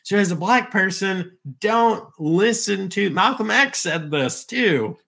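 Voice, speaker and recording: Bright-voiced male podcast host. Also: high-pitched, takes it slowly, vocal fry. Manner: lively, argumentative banter. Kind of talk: casual conversation.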